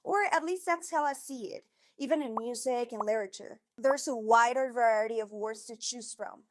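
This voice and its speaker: An upbeat woman explains a language point in a friendly, scripted lesson voice. Her voice sits a little high and lively. The sound is dry and close, with no room around it. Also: normal speed, no echo. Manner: enthusiastic, conversational, drops in Spanish words. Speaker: Spanish teacher and video host.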